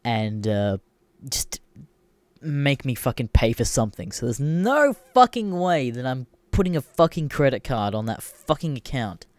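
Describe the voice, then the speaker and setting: A young man hosting his own podcast in a loose, profane rant. His voice sits in an ordinary middle pitch and sounds dry and close to the mic, with no room around it. He grumbles low, then flares up into exasperated shouts. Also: very animated, unhurried, no room sound. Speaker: podcast host. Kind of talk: casual solo rant.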